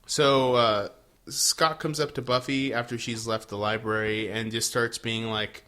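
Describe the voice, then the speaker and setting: Male podcast co-host, bright and punchy tone, loose and profane while recapping. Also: mid-range voice, little pitch movement, a little slow, clean tone. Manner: laid-back, swears, acts out characters' lines. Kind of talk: casual recap chat.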